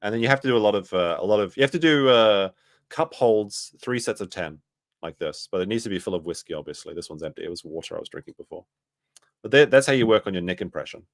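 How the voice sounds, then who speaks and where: A man's voice: fairly low pitch, animated, fast, no echo, studio quality. A man hosting a casual commentary stream, reading chat messages aloud and joking about clips.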